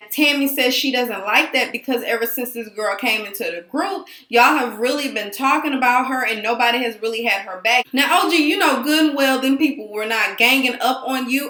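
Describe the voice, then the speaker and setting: Sassy woman show recapper, high voice, roomy echo, talks right at the cast. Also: sharp tone. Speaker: reality show reviewer. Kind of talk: casual recap commentary.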